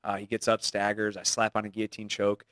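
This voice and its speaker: A man in his thirties, a fighter sitting in as guest, talks loose and quick in a casual interview. His voice is on the low side and rushes along. The studio recording is dry and close. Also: completely flat delivery, fairly bright tone, dry recording. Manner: rapid, loose, laughs easily.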